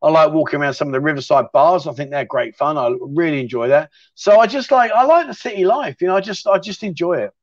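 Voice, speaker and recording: A man's voice: on the high side, expressive, quick pace, hardly any pauses. A man hosting a casual livestream chat show, reading out viewer questions and chatting with lots of fillers and restarts. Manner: chatty, repeats words, frequent fillers and self-restarts. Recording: slightly dull, lo-fi sound.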